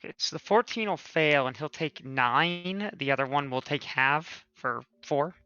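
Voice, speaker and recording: A man with a bright, forceful voice who calmly explains rules as a player. His voice sounds dull and lo-fi, with faint music underneath. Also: on the high side, normal speed, clear, resonant tone, no room sound. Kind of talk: tabletop game play.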